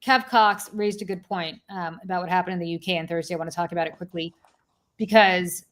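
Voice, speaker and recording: A woman with a slightly low voice co-hosts a casual talk stream. She talks current affairs in an opinionated way, padding her points with "um" and "like.". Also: fairly quick, a bit bright. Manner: opinionated, hedging with fillers. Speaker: co-host of a live chat show.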